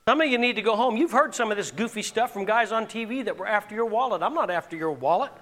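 In a church sanctuary, a male pastor delivers an impassioned sermon at a quick pace, his high, expressive voice rising to shouts as he leads the congregation in call-and-response. The recording has a big-room sound.

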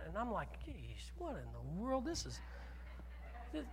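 A man preaching a sermon as pastor, telling a personal story with animated swings from loud declarations to hushed asides. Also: sits high, moderate pace, breathy edge, in a large hall.

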